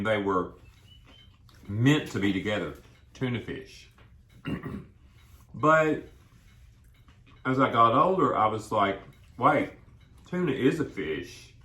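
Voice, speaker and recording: A man's voice: mid-range voice, unhurried, long pauses, bright, forceful tone. A man chatting casually while he eats, rambling from one thought to the next with food in his mouth. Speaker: co-host of a food vlog. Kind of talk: casual mukbang chat while eating. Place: indoors at a table, eating. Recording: echoey room.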